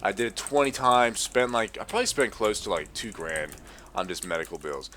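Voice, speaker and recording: A man's voice: fairly low pitch, a little fast, sharp tone, slight background noise. A young man ranting profanely in a casual gaming commentary. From Australia. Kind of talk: casual rant over gameplay.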